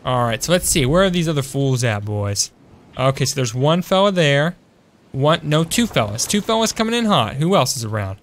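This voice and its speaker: Speaking at a moderate pace in a medium-pitched, sing-song voice, a young man livestreams his game from a home room. He commentates casually, chats with viewers he calls "boys", and responds to chat.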